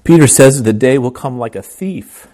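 A man's voice: medium pitch, moderate pace, dark tone. Earnest male preacher delivering a sermon. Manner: earnest preaching with frequent restarts, swells in volume on key phrases. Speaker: pastor.

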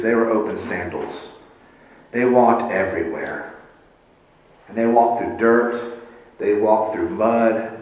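A man preaching a sermon at a church communion service, earnest and building in intensity, with light self-deprecating asides. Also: on the low side. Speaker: pastor. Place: church sanctuary. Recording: echoey church hall.

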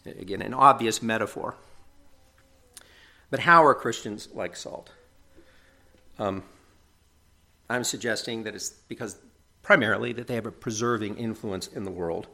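A man's voice: fairly low pitch, unhurried, creaky, long pauses, sharp tone. A middle-aged man preaching a sermon in an earnest, conversational way, often checking in with tag questions.

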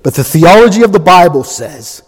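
Animated preacher in a reverberant hall. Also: male voice, high-pitched, moderate pace, husky. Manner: animated, emphatic, swings from loud to soft. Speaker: pastor. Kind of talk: sermon.

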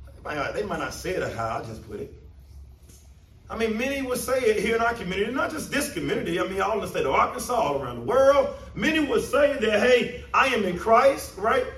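Male pastor mid-sermon, higher voice, emphatic and repetitive, picked up from a distance. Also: sing-song, fast, a bit bright. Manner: emphatic, repeats phrases for stress. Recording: roomy, distant mic, faint ambience.

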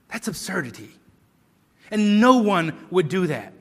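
A man's voice: high-pitched, very animated, measured pace, pauses often, in a large hall. A man preaching a sermon, earnest and emphatic, with rhetorical questions and repeated words.

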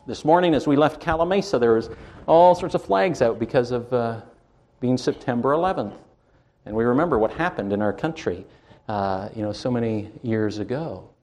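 A man from Canada preaching a sermon from the pulpit, slow and emphatic, with wide swings in pitch and loudness. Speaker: pastor.

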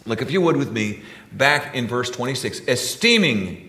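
A man delivers a sermon, reading scripture in old-style wording. His preaching drops to hushed, low passages and then climbs to loud, high, emphatic peaks. The room gives his voice a noticeable echo. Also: sing-song, normal speed. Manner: reads scripture in King James wording. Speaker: pastor. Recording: echoey room.

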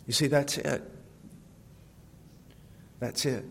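A man preaching a sermon with passion, asking rhetorical questions and swinging from hushed tones to loud ones. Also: medium pitch, steady tone, slow, vocal fry, slight background noise. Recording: long hall reverb.

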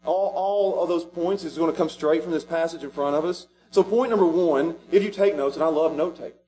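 A man preaching a sermon as pastor, animated and rising to shouts at the high points. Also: fairly quick.

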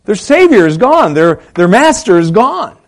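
Animated pastor preaching with swinging dynamics. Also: male voice, high voice, normal speed. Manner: rhetorical questions, repeated emphatic phrases; swings between loud and soft delivery. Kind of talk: sermon.

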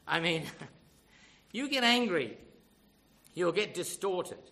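A man's voice: sits high, very animated, slow pace, creaky, pushed and bright, low-quality recording. A man preaching a sermon in an emphatic, storytelling way, with frequent rhetorical questions to the congregation.

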